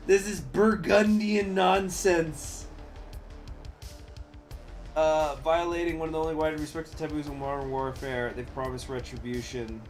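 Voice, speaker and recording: A man live-streaming a strategy game at a desk mic, talking in a slightly raised register. He chats casually with his viewers and reads in-game text aloud. Often he bursts into loud, cursing astonishment, and soft music plays underneath. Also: a little high, flat delivery, unhurried. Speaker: gaming streamer.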